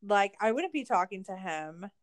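A woman's voice: mid-range voice, animated, normal speed. A woman casually recapping a documentary episode, chatty and saying "like" a lot as she acts out the quotes. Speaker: podcast co-host.

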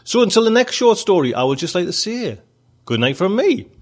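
A man's voice: high-pitched, very animated, brisk. A man, hosting a podcast and signing off in a chatty way. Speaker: podcast host. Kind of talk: casual sign-off.

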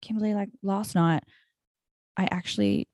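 A young woman co-hosting a podcast, telling a story in casual chat, animated and swearing, with lots of "like" and "right?" fillers. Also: medium pitch, moderate pace, no echo. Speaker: podcast co-host.

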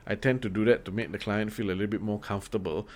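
A man's voice: lowish voice, fairly even intonation, fast talker. A man co-hosting a podcast in casual chat, talking loosely with lots of fillers and restarts and the odd swear. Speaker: podcast co-host.

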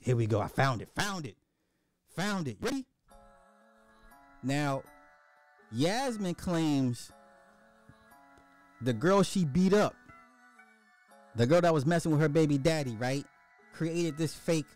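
A man hosting a podcast in casual livestream commentary, animated and slangy, talking straight to his viewers. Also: mid-range voice. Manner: animated, slangy, addresses the chat directly. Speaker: podcast host.

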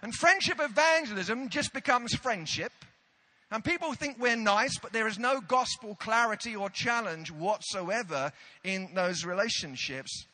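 A man's voice: high-pitched, animated, a little slow, bright, forceful tone. A British man preaching a sermon, telling a self-deprecating story with comic timing.

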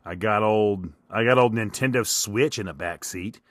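A man's voice: on the low side, moderate pace, dry recording. A middle-aged man hosting a solo podcast, rambling casually in a self-deprecating stream of consciousness. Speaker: podcast host.

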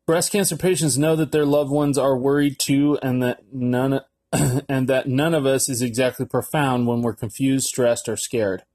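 A male podcast host talks through an article in a loose, rambling manner, full of fillers and the odd curse word. His voice sits at a middling pitch and sounds mellow and soft-edged. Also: steady tone, measured pace. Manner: rambling and offhand, with frequent fillers and cursing. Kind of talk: casual solo podcast, reading an article aloud.

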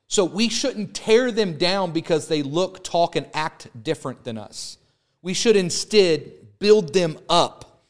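Emphatic preaching man, slightly high voice. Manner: preaching with rising emphatic repetition; holds up an arrow as a prop. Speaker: pastor. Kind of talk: sermon.

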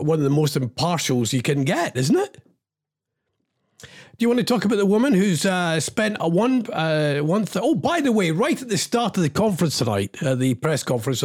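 In the studio, a radio host with a slightly high, darkish voice delivers a rambling on-air monologue, ranting in an agitated, exasperated way and hopping from one aside to the next.

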